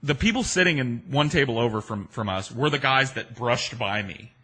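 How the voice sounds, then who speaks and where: A man's voice: medium pitch, animated, normal speed, bright, forceful tone, husky. A man telling a personal anecdote in a loose, rambling, profane and self-mocking way. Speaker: storyteller. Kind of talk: casual personal storytelling.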